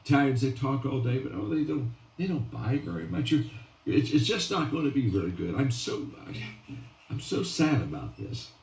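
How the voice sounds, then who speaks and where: A man's voice: medium pitch, expressive, fairly quick, creaky, a little mellow. A man voicing a worried male barber who talks others out of their hopes, full of discouraging sighs. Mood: fretful. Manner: worried, discouraging, sighing exclamations. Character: gloomy, fretting male barber, doom-monger. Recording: roomy and distant from the mic.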